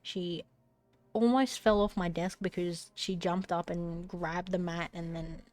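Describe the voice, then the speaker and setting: A woman's voice: on the low side, fairly even intonation, unhurried, a little mellow, faint music behind. A woman live-streaming while she crochets, chatting casually, swearing at her cat and often dropping to a whisper, a little phlegmy.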